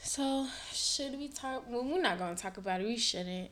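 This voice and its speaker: A woman's voice: on the high side, normal speed, fairly bright tone. Playful young woman with casual slang. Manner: laughs often, playful slang. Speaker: podcast co-host. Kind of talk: casual chat.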